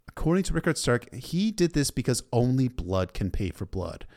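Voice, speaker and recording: A man's voice: medium pitch, big pitch swings, normal speed, a little mellow. A man recapping a story in a casual, irreverent way, cursing freely. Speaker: book recap narrator.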